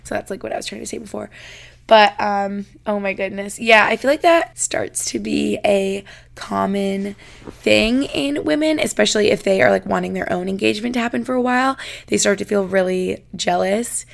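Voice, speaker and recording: A chatty young podcaster works through listener confessions, laughing as she reads and peppering everything with "like." Her mid-range voice carries vocal fry and moves at a moderate pace.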